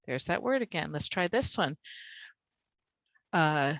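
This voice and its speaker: A woman's voice: deep voice, big pitch swings, a little slow, pauses often, fairly bright tone, no room sound, rough recording. A woman tutor explaining how she teaches word stress, talking casually over a video call and acting out stressed words with extra punch. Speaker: reading and spelling tutor.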